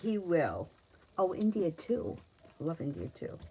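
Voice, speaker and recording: A middle-aged woman with a New York accent, giving tarot readings on a live stream. She talks in a chatty, easygoing way and laughs often as she answers viewers. Her voice sits a little low for a woman. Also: big pitch swings, unhurried, background noise. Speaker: tarot reader.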